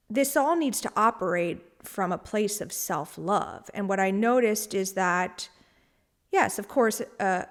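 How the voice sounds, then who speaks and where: A woman hosting a solo spiritual podcast, talking in a candid, rambling way with frequent laughs and casual swearing. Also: medium pitch. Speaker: podcast host.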